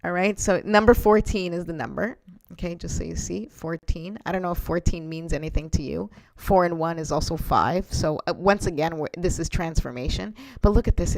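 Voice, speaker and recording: A woman's voice: fairly low pitch, no room sound, clean studio sound. A woman in her forties giving a spiritual oracle card reading on a live stream, earnest and chatty with many fillers. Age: 40s.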